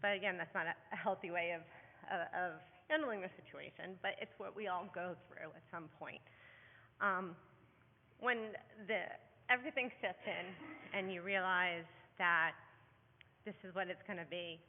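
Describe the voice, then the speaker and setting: A woman speaks earnestly to a room of parents at a conference, often pausing on ums and restarting her sentences. Her voice rings out with the long reverb of a large hall, and the sound is thin and narrow, like a phone line. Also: lowish voice. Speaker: parent speaker at a heart-condition symposium. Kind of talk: conference talk.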